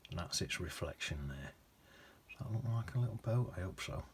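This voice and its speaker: A man's voice: low-pitched, expressive, brisk, noisy background. A man teaching watercolour, chatting casually and often dropping to a whisper as he paints. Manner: chatty, drifts into soft whispers and hums while painting.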